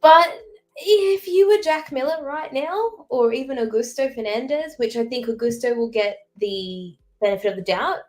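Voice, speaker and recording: A young woman from Derry with a Northern Irish accent, co-hosting a casual podcast chat with opinionated, quick analysis. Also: high-pitched, expressive. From Northern Ireland. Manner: opinionated, fast analytical talk with fillers. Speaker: co-host.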